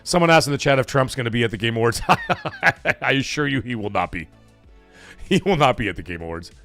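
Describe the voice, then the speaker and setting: A man's voice: mid-range voice, expressive, fairly quick, fairly bright tone, faint music behind. A man hosting a casual live stream, rambling, swearing and saying "like" a lot. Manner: rambling, swears, heavy use of "like". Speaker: livestream host.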